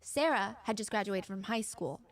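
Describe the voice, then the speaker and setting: A woman's voice: mid-range voice, normal speed. A woman narrating a true crime story in a dramatic storytelling way. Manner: dramatic storytelling, acts out quotes.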